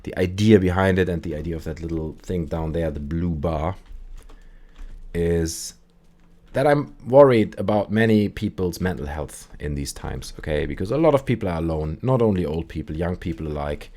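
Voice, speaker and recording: A low-voiced man speaks at a moderate pace as a streamer and call-in show host, chatting casually on a gaming stream. He rambles through stories while he plays, telling them in an animated way and putting on voices for the quotes.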